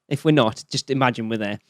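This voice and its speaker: Northern English male podcast co-host, mid-pitched, jokey and chatty, dry close sound. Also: moderate pace, no echo. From northern England. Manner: chatty, jokey, self-deprecating. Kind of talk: casual chat.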